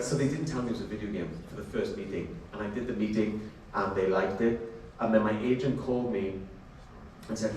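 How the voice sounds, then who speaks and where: Man, chatty, in an echoey hall. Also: lowish voice. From Wales. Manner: animated, chatty, laughs while telling stories. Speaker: actor, panel guest. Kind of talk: convention Q&A storytelling. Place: large convention hall. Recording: very echoey hall, distant, faint noise.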